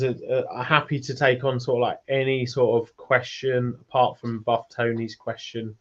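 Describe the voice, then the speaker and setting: A man's voice: mid-range voice, level tone, moderate pace, hardly any pauses, muffled recording. A British man hosting a casual online Q&A, chatty and rambling, laughing easily. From United Kingdom. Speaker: host of a community Q&A.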